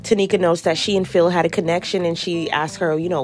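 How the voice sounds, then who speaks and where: A woman's voice: steady tone, quick pace. A young woman hosting a podcast, giving blunt, sassy, profanity-laced commentary on a reality show. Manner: sassy, blunt, swears freely, mimics people in high voices. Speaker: podcast host reviewing reality TV. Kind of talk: casual commentary.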